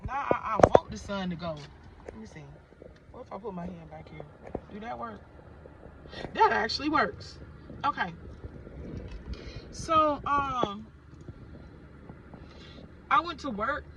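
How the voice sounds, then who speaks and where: A woman vlogging outdoors, casually telling a story to camera with animated asides to her viewers and blunt, salty language. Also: medium pitch, a little slow, pauses often, dull audio, noisy background. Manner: chatty, animated retelling with frequent asides to viewers. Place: outdoors in sunlight.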